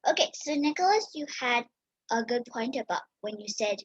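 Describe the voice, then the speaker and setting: A woman's voice: fairly high pitch, animated, moderate pace, slightly rough, no room sound, dull audio. A woman judging a speech tournament, handing out friendly praise with many ums over a video call. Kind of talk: casual spoken feedback.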